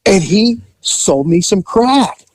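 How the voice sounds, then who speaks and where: A man hosting a podcast, telling a police story in a relaxed, conversational way and acting out the people in it. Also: high-pitched, takes it slowly, dry recording, poor audio. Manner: animated storyteller who acts out the people in his story. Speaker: podcast host and former police officer. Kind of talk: casual storytelling.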